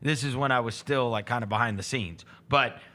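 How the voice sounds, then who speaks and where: A man's voice: medium pitch, brisk, sharp tone. A middle-aged man, hosting a sports talk show and telling rambling anecdotes full of fillers and restarts. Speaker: host.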